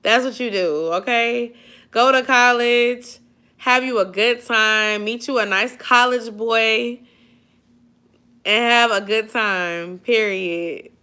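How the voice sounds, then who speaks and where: A young woman from the Atlanta area hosts a casual late-night YouTube livestream, reading viewer comments and giving sisterly advice while sleepy and yawning. Her voice is fairly high, pushed and bright, clear and resonant, and she takes her time speaking.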